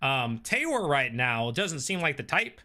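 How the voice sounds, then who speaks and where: Bright-voiced man reading live chat. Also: medium pitch, slow pace. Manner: relaxed, thinking aloud with many ums and uhs. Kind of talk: casual live-stream chat.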